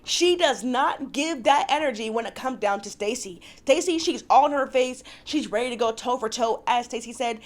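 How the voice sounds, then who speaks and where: A woman hosting a reality TV recap vlog, ranting in a profane, exasperated way and acting out the cast's lines. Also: on the high side. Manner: acts out cast members' lines in quick voices. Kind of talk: casual recap and commentary.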